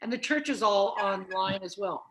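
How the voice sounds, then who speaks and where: A woman's voice: mid-range voice, lively intonation, normal speed, slight background noise. A woman contestant on a video call game show, blunt and wisecracking in casual chat.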